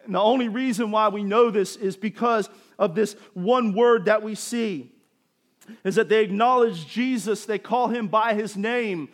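A man preaching a sermon, building to emphatic bursts and dropping to quieter explanation. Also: sits high, measured pace. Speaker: pastor.

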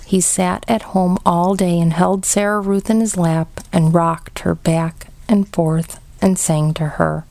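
A woman reads a storybook aloud very slowly, in a gentle and measured way. Her voice sits low for a woman, and the close recording is dry, with no room sound. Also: steady tone, creaky, no echo. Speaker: audiobook reader. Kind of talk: storybook narration.

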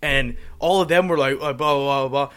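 A man's voice: medium pitch, normal speed, a bit bright, smooth. A young man in casual chat with friends, mocking himself and swearing casually. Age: young adult.

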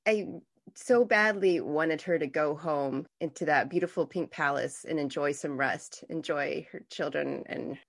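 This podcast host's voice sits low, gravelly and unhurried. Gushing with enthusiasm as she conducts a conversational interview, she keeps starting her sentences over.

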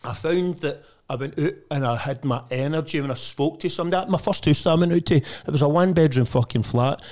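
Scottish man, lanarkshire accent, rapid-fire delivery, blunt, boastful, heavy swearing, casual chat. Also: a little high, a little mellow. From Lanarkshire, Scotland. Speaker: estate agent, podcast guest.

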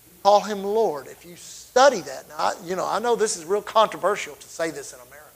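Fervent preacher, higher voice. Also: male voice, expressive, fast, creaky, rough recording. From Texas. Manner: fervent storytelling with sudden loud swells and drops. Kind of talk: sermon.

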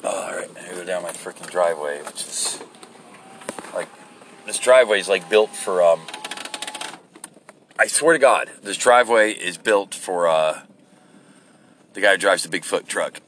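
Bright-voiced man ranting profanely from his car. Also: low voice, unhurried, pauses often, a little hiss or hum. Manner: profane, rambling, sarcastic rant. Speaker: podcast host. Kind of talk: ranting solo podcast while driving. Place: car while driving.

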